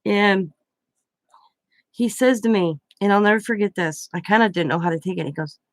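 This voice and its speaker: A woman's voice: mid-range voice, moderate pace, no room sound. An older woman, a grandmother, chatting at home and rambling through a story with lots of self-corrections. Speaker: craft vlogger. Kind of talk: casual storytelling.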